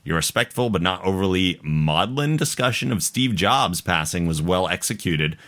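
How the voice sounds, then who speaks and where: A man's voice: deep voice, lively intonation, normal speed, a bit bright. A man hosting a casual podcast, reading a listener's email aloud, laughing often and stumbling over hard words. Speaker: podcast host.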